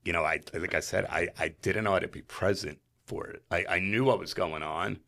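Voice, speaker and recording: A man from New Jersey, a podcast guest, telling a story in earnest, animated style with frequent fillers. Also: deep voice, fairly quick. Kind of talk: emotional storytelling in conversation.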